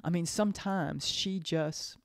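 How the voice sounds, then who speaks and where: Halting woman talking casually. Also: fairly low pitch, steady tone, gravelly, dry recording, studio quality. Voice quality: halting, repeats phrases, trails off and restarts. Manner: emotional, earnest. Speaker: podcast host. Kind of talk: casual monologue.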